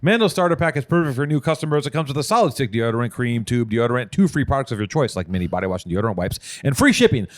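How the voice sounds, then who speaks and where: A male podcast host with a mid-range voice does a casual ad read as a brash, profane, joking riff. He sounds expressive and rapid-fire with few pauses, and there's no echo.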